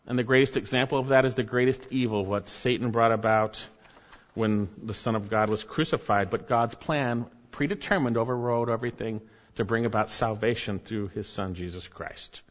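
A man's voice: mid-range voice, normal speed. A man preaching a sermon as pastor, earnest, with rising emphasis and asides to the congregation. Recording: dull, hall reverb.

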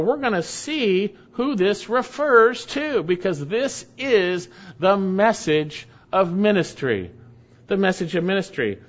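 A pastor with a fairly high voice delivers an expository sermon teaching from the Bible, driving key phrases home through repetition. He slows right down to stress points, then rattles off quick asides, and the recording sounds dull and lo-fi.

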